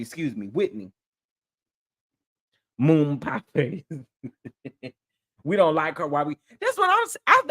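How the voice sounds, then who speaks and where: A man chats on his live stream with plenty of sass and attitude. His pitch swings widely as he doubles down on phrases for emphasis. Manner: sassy and animated, repeats phrases for emphasis. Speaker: livestream host. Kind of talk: casual live-stream commentary.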